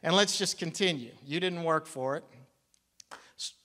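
Middle-aged man, pastor preaching, folksy, engages the congregation, higher voice, church sanctuary echo. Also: moderate pace, bright, forceful tone. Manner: folksy, interactive, leads the congregation. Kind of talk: sermon. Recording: long hall reverb.

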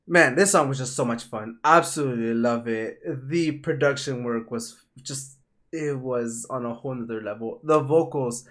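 A man from Mexico hosting a music reaction video, excitable and laughing often, mixing Japanese phrases into his English. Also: medium pitch, normal speed. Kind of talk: casual reaction commentary.

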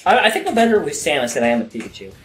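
A man playing a video game with a friend, excitable and joking crudely. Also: a little high, rapid-fire. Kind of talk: casual gaming chat. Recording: roomy with game music behind.

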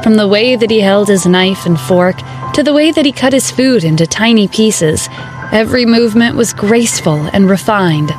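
Brief: female audiobook narrator, mid-pitched, steady romance narration, faint music behind. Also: moderate pace.

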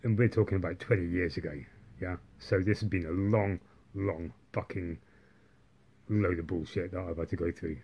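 A man's voice: low voice, fairly even intonation, normal speed, husky, dull audio. A man telling a long story to camera, rambling and swearing heavily, with constant tag questions like "yeah" and "right". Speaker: vlogger. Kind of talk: casual monologue.

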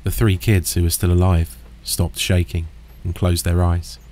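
A man narrating a first-person horror story in a steady, understated, deadpan way. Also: low voice, unhurried, a little hiss or hum.

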